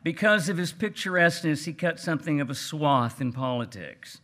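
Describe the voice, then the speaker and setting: A man voicing a cranky, plainspoken older Texas gentleman writer with a Texan accent, reading aloud with a dry, folksy manner. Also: a little high, expressive, moderate pace. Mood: wry. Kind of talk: reading aloud at a book event.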